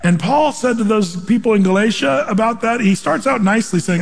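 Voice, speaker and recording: A man preaching a sermon as pastor, animated, quoting scripture and acting out voices. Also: sits high, moderate pace, vocal fry, hardly any pauses, in a large hall.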